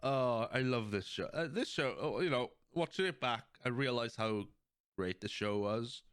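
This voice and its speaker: A man's voice: medium pitch, expressive, normal speed, a bit bright, clear, resonant tone, dry recording, studio quality. A man hosting a podcast in casual chat, animatedly retelling scenes, laughing often and acting out quoted lines. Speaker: podcast host. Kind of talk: casual chat recapping episodes.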